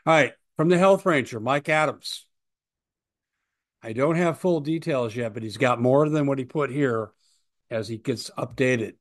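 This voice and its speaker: Hoarse man hosting his own show. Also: medium pitch. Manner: urgent, earnest, reading out posts. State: hoarse from talking all day. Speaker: host. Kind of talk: solo show monologue.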